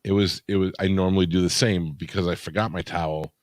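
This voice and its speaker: Very deep-voiced self-mocking man. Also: fairly even intonation, fast, darkish tone, no room sound. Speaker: podcast co-host. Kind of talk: casual comedic chat.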